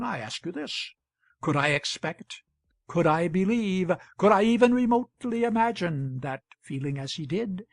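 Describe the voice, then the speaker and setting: A man's voice: a little high, vocal fry, slightly rough, no echo, exaggerated voice. A man reading as an earnest townsman pleading his case. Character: male townsman defending himself before a hall. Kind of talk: audiobook reading.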